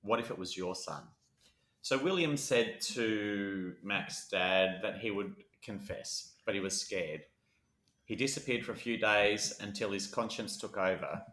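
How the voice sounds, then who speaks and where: A man's voice: on the low side, a little slow, a bit bright, roomy sound, poor audio. A man co-hosting a casual true-crime podcast, reading out a case with jokes and frequent laughter. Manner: jokey, laughs often, quotes films. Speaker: podcast co-host.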